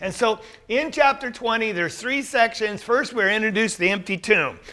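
A man's voice: sits high, moderate pace, sharp tone. A man teaching a Bible class in a conversational way, asking the group rhetorical questions.

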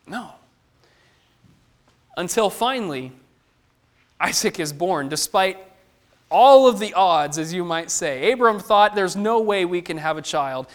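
A man's voice: high-pitched, animated, measured pace, pauses often. A man preaching a sermon, who asks the listeners questions and acts out the lines of the people he quotes.

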